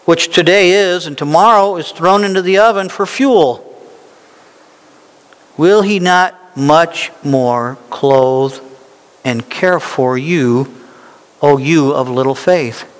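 A male pastor preaching a sermon, slow and emphatic, climbing into animated, insistent peaks when he drives a point home. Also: on the high side. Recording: reverberant hall.

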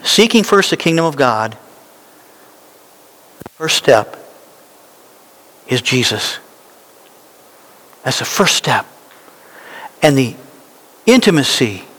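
Slow-preaching male pastor in a reverberant hall. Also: a little high, husky. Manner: slow, emphatic preaching with rising, animated peaks. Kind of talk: sermon.

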